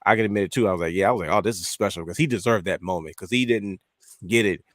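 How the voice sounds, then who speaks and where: A man talks quickly in a lowish voice, recorded close and dry. He is co-hosting a casual podcast chat. He tells stories with animation and acts out his own reactions as he goes. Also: no room sound. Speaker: podcast co-host.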